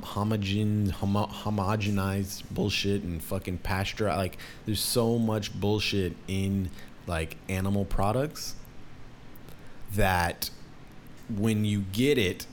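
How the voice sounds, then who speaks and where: A young man rants casually in a fairly low voice, swearing a lot, rambling, and restarting his sentences often. Slight background noise is audible.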